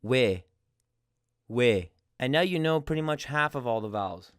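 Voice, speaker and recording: A man's voice: fairly high pitch, animated, fairly bright tone, clear, resonant tone, no echo, clean studio sound. A man teaching pronunciation in a patient, explanatory lesson. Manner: patient, explains slowly with examples. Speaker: language teacher.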